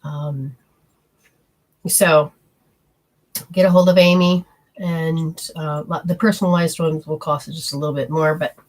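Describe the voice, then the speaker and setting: A woman's voice: low-pitched, steady tone, a little slow, pauses often, a little mellow, poor audio. A woman hosting a live energy-healing show, chatting and reading viewer comments aloud. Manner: chatty, meandering, gives hands-on instructions.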